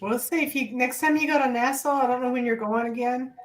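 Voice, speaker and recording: A woman's voice: fairly high pitch, quick pace. A woman co-hosting a casual chat, telling rambling stories with many hesitations. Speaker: podcast co-host.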